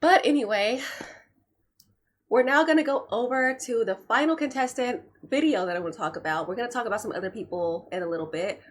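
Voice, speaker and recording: A woman's voice: on the high side, a little fast. A woman hosting a reaction video, chatting casually and checking her notes, with frequent restarts. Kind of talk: casual commentary.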